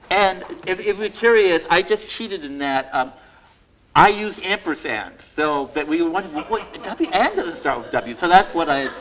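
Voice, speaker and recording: A man reading his own poems aloud to a live audience at a museum event, reciting with loud emphasis and adding chatty, self-deprecating asides full of fillers and laughter. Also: high voice, lively intonation, a little slow, rough recording. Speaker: poet receiving an award.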